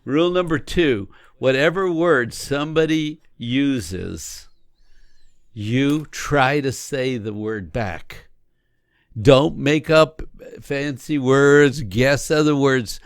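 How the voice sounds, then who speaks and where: A man co-hosting a podcast, talking casually and coaching through examples in an animated way. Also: medium pitch, takes it slowly, no room sound, studio quality. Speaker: podcast co-host. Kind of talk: casual conversation on marriage.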